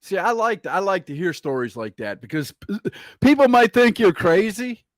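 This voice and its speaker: High, lively laughing male host. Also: moderate pace, no echo, clean studio sound. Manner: laughs often, bantering. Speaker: interview host reading viewer questions. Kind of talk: casual interview chat.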